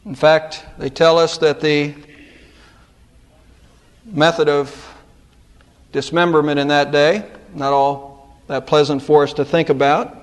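A middle-aged pastor with a notably high voice delivers his sermon. He lifts his pitch for emphasis and then drops it low and quiet. The talk is dramatic and earnest from the pulpit. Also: flat delivery, slow pace, pauses often. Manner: dramatic preaching with sharp rises and drops in pitch.

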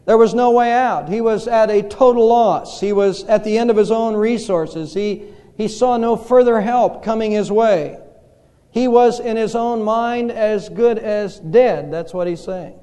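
A male pastor preaching a sermon in a church, telling stories slowly and dramatically with pauses. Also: high-pitched, warm tone. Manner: slow, dramatic storytelling with pauses. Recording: reverberant hall.

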